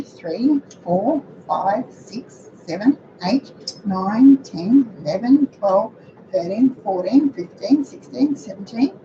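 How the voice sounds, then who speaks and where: A middle-aged woman with a croaky voice, chatting to viewers while she cooks in her home kitchen. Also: medium pitch. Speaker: cooking show host. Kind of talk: casual cooking demonstration. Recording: dull lo-fi audio with background noise.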